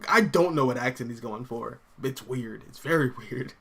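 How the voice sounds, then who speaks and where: A young man hosts a comics livestream in a loose, rambling style, with lots of "like" and "um" and bursts of laughter. His voice is bright and forward. He keeps it casual and animated as he reacts to viewer comments. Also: medium pitch, moderate pace, gravelly.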